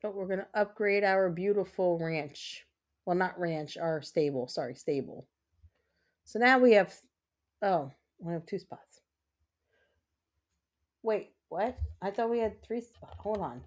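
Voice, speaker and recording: A woman with a fairly low, expressive voice hosts a gaming livestream, speaking a bit slowly and pausing often. She chats casually as she plays, rambling and talking to herself.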